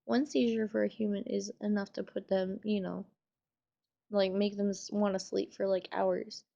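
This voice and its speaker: Tearful young woman with a gravelly voice. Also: medium pitch, level tone, moderate pace, mellow, lo-fi sound. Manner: emotional, trying to hold back tears; casual, swears often, many fillers. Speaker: vlogger. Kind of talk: personal storytelling vlog.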